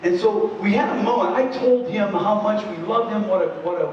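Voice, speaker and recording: Male presenter, higher voice, earnest conversational storyteller; dull, distant recording in a large hall. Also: fairly quick, darkish tone, a little hiss or hum. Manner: earnest, many asides and "you know"s.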